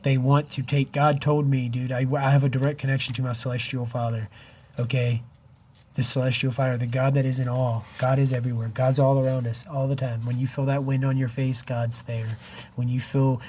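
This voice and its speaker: A man in his fifties talks straight to his viewers in an urgent, pleading vlog, his voice wavering with emotion. His pitch sits in the middle of the male range, and he keeps throwing in "dude" and "man" between his pleas. A faint hum of ambient noise runs under the recording. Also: flat delivery, normal speed, dark tone. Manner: emotional and wavering, near tears. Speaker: vlogger. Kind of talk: impassioned direct-to-camera vlog.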